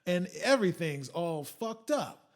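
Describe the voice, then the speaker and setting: Man, casual solo podcast rant, profane, rambling, higher-pitched voice. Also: very animated, a little slow. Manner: loose, profane and rambling, with mocking quoted voices. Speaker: podcast host.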